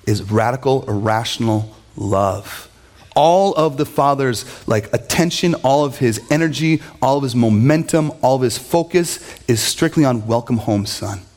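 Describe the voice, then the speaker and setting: In a fairly high-pitched voice, a pastor in middle age delivers a sermon through lively storytelling, imitating quoted characters in mocking voices.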